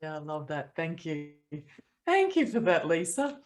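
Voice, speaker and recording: A woman hosting a group mentoring video call, chatting casually with lots of pauses and ums. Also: sits low, very animated.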